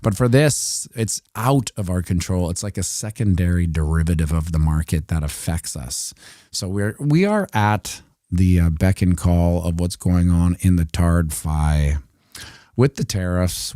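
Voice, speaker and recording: A man's voice: deep voice, lively intonation, measured pace, mellow, no room sound, studio quality. A Canadian man giving casual, rambling commentary on crypto price charts during a livestream, with jokey asides.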